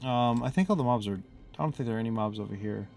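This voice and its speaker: Soft music plays behind a man's creaky, slightly mellow mid-range voice as he talks rapid-fire. He's streaming a game from the US Midwest, chatting casually, rambling, abandoning thoughts partway and laughing often.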